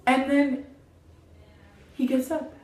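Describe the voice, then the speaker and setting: A young woman telling a childhood story in a casual storytime vlog, dramatic and animated, saying "like" constantly. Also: sits high, slow. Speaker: vlogger. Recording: roomy, mic at a distance.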